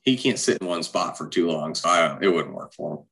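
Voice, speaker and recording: Low-voiced laid-back podcast co-host, a man. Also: animated, a little fast, gravelly, bright, forceful tone. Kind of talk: casual chat.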